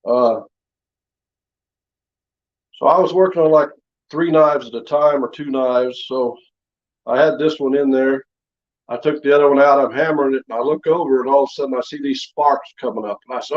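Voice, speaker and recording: A man's voice: medium pitch, steady tone, moderate pace, pauses often. A man chatting casually in his home workshop, showing knives he forged, in a rambling, down-to-earth way. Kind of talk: casual show-and-tell chat. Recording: slightly dull lo-fi sound.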